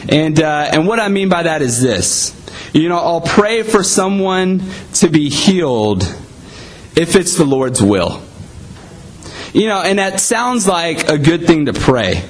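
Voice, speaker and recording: A man's voice: on the high side, very animated, takes it slowly, low-quality recording. A man preaching a sermon in a conversational way, often saying "you know".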